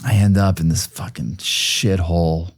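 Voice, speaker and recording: A man's voice: low voice, fairly even intonation, measured pace, slightly rough, no echo. A man in his forties, a podcast guest, telling a personal story in a rambling, casual way, full of fillers and some swearing.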